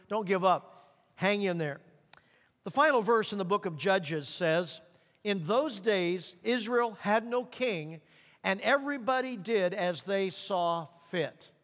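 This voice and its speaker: A man preaching a sermon as pastor, earnest, slowing down to read scripture and repeating words for emphasis. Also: high voice, fairly bright tone. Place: church sanctuary. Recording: long reverb of a church hall.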